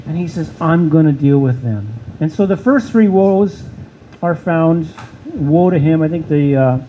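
A man's voice: fairly high pitch, measured pace, warm tone, slight background noise, poor audio. A man preaching a sermon as pastor, asking the listeners questions and repeating key words for emphasis.

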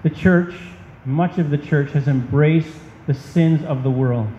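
A man's voice: fairly high pitch, unhurried. Man, pastor, emphatic sermon, dull lo-fi sound, faint hiss. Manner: impassioned, emphatic preaching. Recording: dull, echoey hall.

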